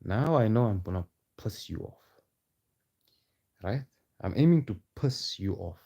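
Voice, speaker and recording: A man's voice: sits low, animated, a little slow, creaky, warm tone, husky. A man delivering a heated, confrontational rant to camera, firing off challenging rhetorical questions. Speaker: vlogger.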